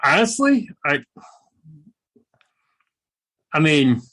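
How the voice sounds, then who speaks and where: A middle-aged man, a veteran guest in an interview, telling stories in a casual, animated, joking way with a sarcastic streak. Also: a little high, normal speed. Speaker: guest, combat veteran and speaker.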